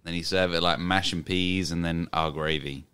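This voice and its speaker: Swearing English man with a crisp voice. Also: low voice, fairly even intonation, normal speed, a bit bright, no room sound. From England. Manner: swears freely, laughs through stories. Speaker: pub owner and guest. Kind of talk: casual storytelling chat.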